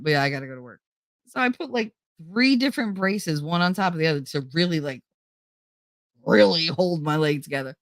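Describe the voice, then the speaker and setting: A woman with a West Indian accent tells stories on her podcast in a casual, profane rush, often mimicking the people she complains about. Her pitch swings widely. The sound is dry and close, with no room around it. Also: brisk, no room sound. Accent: West Indian, thicker when angry. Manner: animated, profane, mocks others in put-on voices. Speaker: podcast host. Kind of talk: casual storytelling rant.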